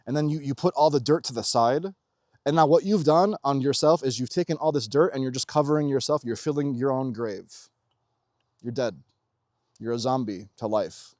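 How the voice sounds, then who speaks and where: A man delivering a casual motivational monologue about spirituality, intense and full of swearing, swinging between loud urging and low murmurs. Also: no room sound, studio quality. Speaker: spiritual vlogger.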